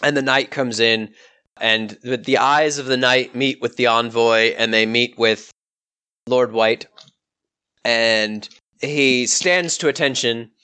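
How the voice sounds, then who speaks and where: A man narrating a tabletop game as game master, in a descriptive, measured way. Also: medium pitch, fairly even intonation, sharp tone, smooth.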